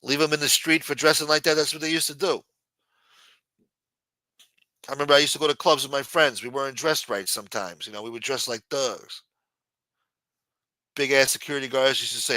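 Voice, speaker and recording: Ranting man with a bright, dry voice. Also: mid-range voice, fairly quick, long pauses, no echo. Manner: blunt, ranting, reads news aloud, quotes scenes in a Mafia-style voice. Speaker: live show host. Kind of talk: profane casual commentary.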